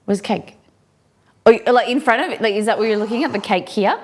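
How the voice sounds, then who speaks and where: A woman's voice: fairly high pitch, fairly quick, background noise. An Australian woman streaming while she cooks, chatting casually and answering viewers' comments as she goes. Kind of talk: live-stream cooking chat.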